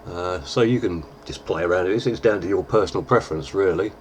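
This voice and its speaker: A deep-voiced man, chatting casually through a makeup tutorial with plenty of fillers. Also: fast talker, a little hiss or hum. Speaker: lookalike performer giving a tutorial.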